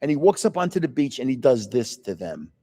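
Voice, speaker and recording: A man's voice: medium pitch, very animated, a little fast, mellow, long reverb tail. An older man hosting a casual livestream, telling rambling stories in a chatty, meandering way, indoors. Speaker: livestream host. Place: indoors, in a building with another floor.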